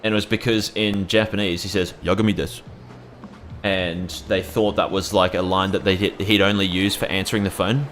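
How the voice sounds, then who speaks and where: A man's voice: sits low, flat delivery, fairly quick, hardly any pauses, fairly bright tone, faint music behind. A young man giving casual, joking let's-play commentary, rambling and swearing freely as he plays. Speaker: gameplay commentator.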